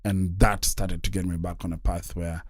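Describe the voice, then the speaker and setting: A man's voice: deep voice, flat delivery, moderate pace, no room sound. A man hosting a podcast studio conversation, earnest and reflective, with stammered restarts and bursts of playful teasing. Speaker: podcast host. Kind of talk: casual conversation.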